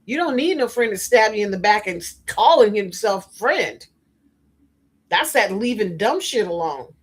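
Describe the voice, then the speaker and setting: A woman with a husky, slightly breathy voice hosts her own spiritual coaching podcast. She talks straight to her listeners, blunt and emphatic, slipping into stories and frank asides. Her pitch sits in a comfortable middle range. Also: big pitch swings, normal speed. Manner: storytelling and preachy, addressing listeners directly. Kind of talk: motivational podcast monologue.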